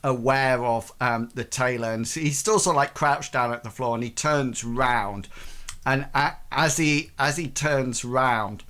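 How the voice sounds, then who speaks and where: A male game master narrates a tabletop game with a slow, halting delivery. He stumbles over words and pads his sentences with ums, then jumps up high to shout out lines for the crowd. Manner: halting, full of ums and restarts.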